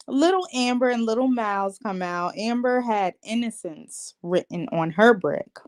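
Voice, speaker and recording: A woman casually recapping a reality TV episode, chatty and animated, with slangy asides to her viewers and frequent laughs. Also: medium pitch, smooth.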